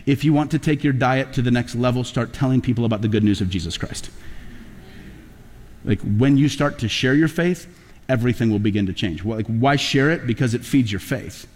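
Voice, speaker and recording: Animated preacher man in a reverberant hall. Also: mid-range voice, fairly quick. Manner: animated storytelling preacher, rising to emphatic peaks. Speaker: pastor. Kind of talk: sermon.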